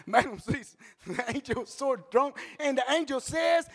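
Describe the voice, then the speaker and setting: A male preacher giving a sermon in animated storytelling, with blunt joking asides and bursts of shouting. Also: very high voice, unhurried, long reverb tail.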